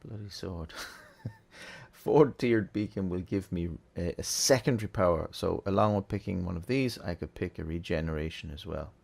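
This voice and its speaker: Male tutorial host, low gravelly tone, easygoing, thinks aloud, keyboard clicks behind. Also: moderate pace. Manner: relaxed, chatty, thinking aloud with fillers. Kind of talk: casual gameplay tutorial.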